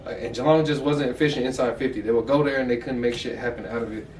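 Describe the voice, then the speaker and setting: An American man runs through game analysis in loose, candid talk that is peppered with swearing. His voice has an ordinary middle pitch. He is heard from some distance in a roomy, echoing space, with a faint hum of ambience behind him. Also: fairly even intonation, fast, darkish tone. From United States. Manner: candid, profane, loose chatter. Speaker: podcast co-host. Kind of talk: casual sports analysis chat. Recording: echoey room, mic far off.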